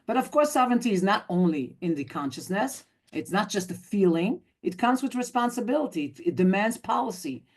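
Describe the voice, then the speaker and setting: A woman's voice: medium pitch, expressive, fairly quick, few pauses. A woman in her fifties, from Belgium, giving a talk over a video call in an emphatic way and acting out quoted dialogue. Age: 50s. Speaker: guest speaker, activist. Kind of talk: online talk.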